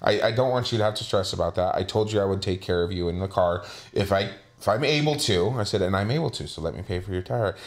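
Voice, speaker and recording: A man's voice: sits low, fast, few pauses. A man co-hosting a podcast, telling a casual story and acting out the voices of the people in it. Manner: animated storyteller, acts out quoted voices. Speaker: podcast co-host.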